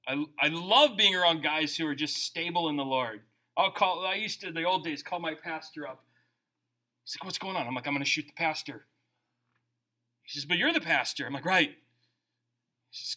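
Middle aged guy preaching, chatty and animated, loud then soft, kinda high voice. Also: moderate pace. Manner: animated, conversational preaching with shifting volume. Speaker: pastor. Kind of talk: sermon.

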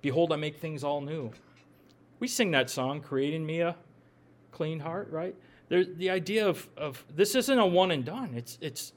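A middle-aged man, giving a folksy, conversational sermon that asks the listeners questions and makes joking asides. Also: on the high side. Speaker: pastor.

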